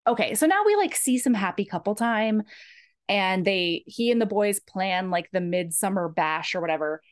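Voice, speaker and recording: A woman's voice: mid-range voice, animated, normal speed. A woman hosting a podcast who recaps a novel in a chatty, casual way with many "like"s. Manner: chatty, full of "like". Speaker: podcast host.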